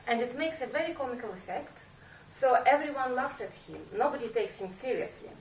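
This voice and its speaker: A woman's voice: a little high, lively intonation, fairly quick, a little hiss or hum. A woman, an English speaker, giving a prepared talk to a speaking club, hesitant with many fillers and a wry, self-mocking humor. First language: Russian. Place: meeting room. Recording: echoey room, mic far off, faint ambience.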